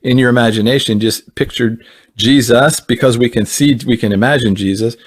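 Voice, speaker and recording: A man's voice: medium pitch, a little fast, breathy edge. A man speaking earnestly in a conversational teaching style, often repeating words and restarting his phrases. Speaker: Christian ministry speaker.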